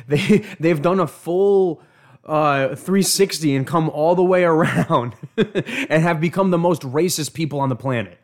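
A man hosting an opinion commentary on video clips, indignant and emphatic, often stumbling and repeating words. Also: fairly high pitch. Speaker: show host.

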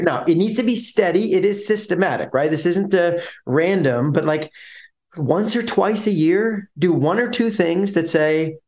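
A man's voice: high voice, darkish tone. A man co-hosting a business podcast, explaining ideas energetically with vivid images and acted-out quotes. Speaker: podcast co-host. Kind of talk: casual business podcast chat.

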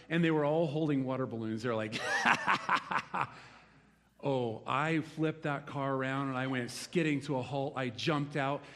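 A man in his forties preaching a sermon to a congregation, telling a lively story from his rural youth and then growing quiet and reflective. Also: on the high side. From rural United States. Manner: animated storytelling, swings from loud exclaims to hushed reflection. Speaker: pastor. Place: church hall before a congregation.

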